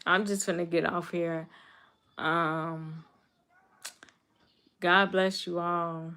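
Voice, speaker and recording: A young woman chats on her livestream and answers comments. Her voice is low and gravelly, and she talks in a hurt, halting way, often repeating herself. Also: level tone, sharp tone. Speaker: livestream host. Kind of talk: casual live chat reading comments.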